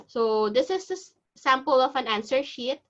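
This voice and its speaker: A woman's voice: high voice, expressive, moderate pace. A woman teaching an online exam-prep class, explaining step by step in a chatty, reassuring way. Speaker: IELTS teacher. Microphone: video call. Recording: dull video-call audio.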